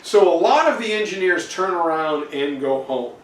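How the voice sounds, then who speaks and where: A history teacher runs an exam review lecture in a casual, wandering style packed with fillers. His voice sits fairly high and is expressive, at a normal speed. The recording sounds roomy, with a distant mic and faint noise.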